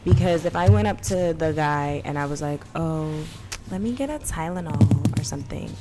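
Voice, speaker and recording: A woman's voice: low-pitched, lively intonation, moderate pace, loud music behind the voice. A woman from Brooklyn in a casual chat as podcast co-host, blunt, swearing, telling stories with animation.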